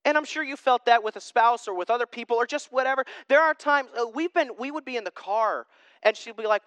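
A young man preaching a sermon as a pastor, conversational and self-deprecating, with lively asides. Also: extremely high pitch, fast talker, clean tone, no echo.

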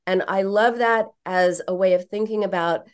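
A woman psychotherapist telling a story in a podcast interview, animated, emphatic and frank. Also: mid-range voice, moderate pace, smooth.

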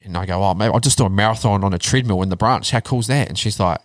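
Low-voiced swearing man. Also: quick pace, dry recording. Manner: blunt, heavy swearing, animated retelling. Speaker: podcast guest. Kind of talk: casual storytelling chat.

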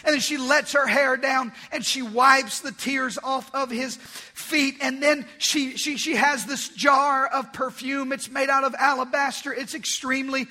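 High, bright-voiced male preacher. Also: fairly even intonation, measured pace. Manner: emphatic, repeats key phrases, swings from loud to hushed. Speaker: pastor. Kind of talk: sermon.

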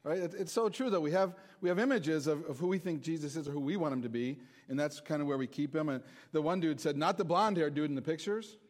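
A man's voice: fairly high pitch, fast, hardly any pauses. Joking, chatty man preaching. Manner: chatty, self-deprecating, joking with the congregation. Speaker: pastor. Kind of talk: casual sermon with jokes. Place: church hall before a congregation.

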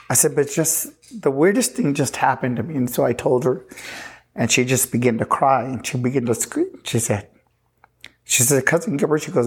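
A pastor from Texas telling his personal testimony in an earnest, halting way, often restarting sentences and retelling conversations. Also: mid-range voice, slightly rough. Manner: earnest, halting, with frequent restarts and retold dialogue.

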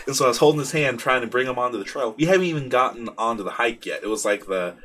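A man's voice: medium pitch, lively intonation, quick pace, fairly bright tone. A young man hosting a podcast, telling a rambling, candid story in a casual monologue and swearing freely. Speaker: podcast host.

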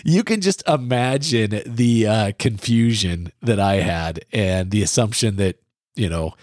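A middle-aged man from the US Midwest, co-hosting a parenting podcast and telling a self-deprecating childhood story in a casual, animated way. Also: lowish voice, a little slow, no room sound, clean studio sound.

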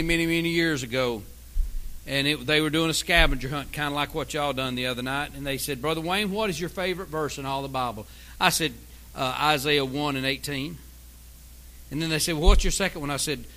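A man's voice: a little high, sharp tone, poor audio. A man preaching a sermon in a folksy, emphatic way, reading scripture aloud. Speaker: pastor.

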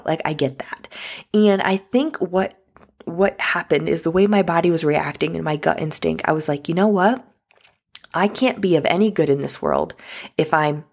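A woman talks straight to her viewers, telling a personal story in a loose, chatty way. Her voice sits low and has a gravelly fry. She restarts her sentences often and fills them with "like.". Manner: chatty, many likes and restarts, addresses viewers as guys and y'all. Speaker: vlogger.

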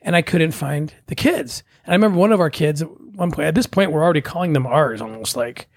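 Husky-voiced man telling a story. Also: fairly high pitch, fast talker, no echo. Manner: animated, acts out quoted voices. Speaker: guest telling his story. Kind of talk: casual storytelling.

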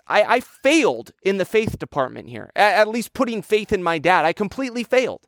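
A man preaching a sermon, telling a childhood story in a lively, conversational way. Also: high-pitched, fairly quick, hardly any pauses, no echo, studio quality. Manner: storytelling, animated with childhood anecdotes. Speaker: pastor.

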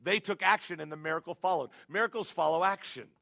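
Male preacher, high voice, gravelly, bright tone, animated storytelling sermon. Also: fast. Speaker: pastor.

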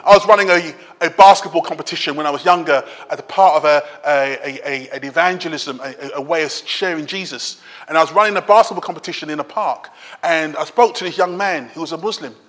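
High, bright-voiced preacher in a hall. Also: male voice, fast. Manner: conversational preaching with emphatic repetition. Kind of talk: sermon.

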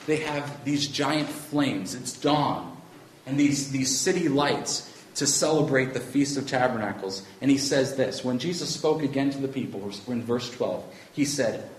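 A man's voice: medium pitch, slight background noise. Earnest male Bible teacher, echoey room. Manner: earnest, emphatic, quoting scripture aloud. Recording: echoey room with faint ambience.

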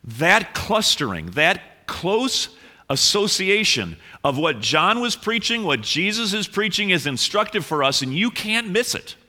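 Bright-voiced pastor teasing his congregation. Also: high voice, sing-song, measured pace. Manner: conversational, playfully teasing, repeats words. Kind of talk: sermon.

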